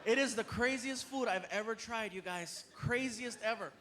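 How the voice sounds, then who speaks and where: A man doing a live stand-up comedy set on a theater stage, telling stories in an animated way with laughs and asides. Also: high-pitched, normal speed. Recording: noisy live crowd in a theater.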